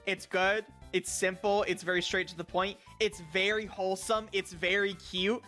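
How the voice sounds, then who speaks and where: Bright high-voiced young man, stammering. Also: little pitch movement, normal speed, soft background music. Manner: rambling, stammering, crude, mock-outraged outbursts. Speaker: streamer. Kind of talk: casual stream chat, reviewing viewer picks.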